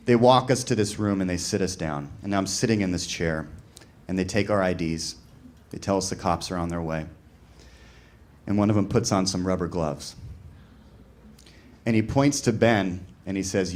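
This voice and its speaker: A man's voice: mid-range voice, a little hiss or hum. A man doing stand-up comedy, telling a long story in a loose, conversational way full of "like" and acted-out quotes, with audience laughter behind him. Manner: conversational, rambling with lots of "like", voices other people in quotes. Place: comedy venue with a live audience.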